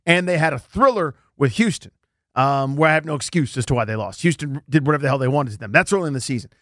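Animated male sports talk host. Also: a little high, fast, dry recording, clean studio sound. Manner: animated, voice jumps up when excited.

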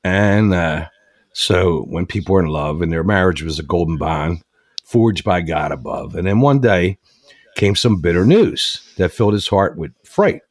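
A low-voiced man hosts a talk show and tells a long story in an earnest, rambling way, restarting phrases as he goes. The sound is dry and close to the mic. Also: unhurried, dry recording. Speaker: radio show host.

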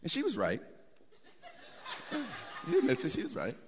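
A middle-aged man preaching a sermon, animated, with repetitions and asides to the congregation. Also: fairly high pitch, moderate pace, slight background noise. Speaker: pastor.

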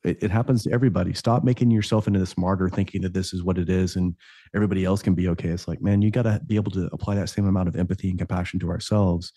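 A podcast host, a man who reflects out loud in a casual conversation and asks his guest follow-up questions. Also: low voice, fairly even intonation, very fast, no room sound, clean studio sound.

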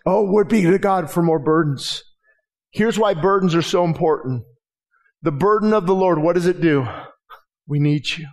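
A man's voice: high voice, moderate pace. A man preaching a sermon as pastor, impassioned, with frequent restarts and rising emphasis. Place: church sanctuary.

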